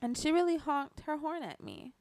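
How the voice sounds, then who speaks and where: A woman co-hosting a podcast, telling her own story in an emphatic, expressive way during casual chat. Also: high-pitched, normal speed, no room sound. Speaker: podcast co-host.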